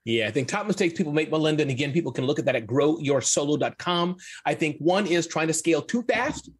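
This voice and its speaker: A man answering as a business guest in casual interview chat, energetic, emphatic and joking. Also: on the high side, quick pace, husky. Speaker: guest, entrepreneur.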